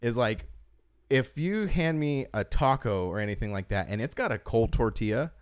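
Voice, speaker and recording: Speaking at a normal speed, this man has a smooth, animated, mid-range voice. As a podcast co-host chatting casually, he rambles through long stories full of fillers, saying "like" constantly.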